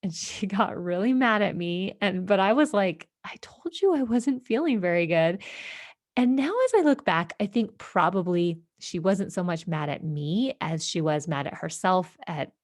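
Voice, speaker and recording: A woman hosting a podcast, telling a personal story in a reflective, halting way with many fillers and restarts. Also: on the low side, dry recording, studio quality. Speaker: podcast host.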